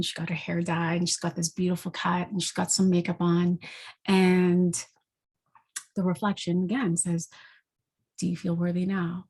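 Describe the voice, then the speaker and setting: Woman, lowish husky voice, intuitive reader unfolding a vision gently, unscripted. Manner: gentle, reflective storytelling with fillers. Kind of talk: spoken guided vision.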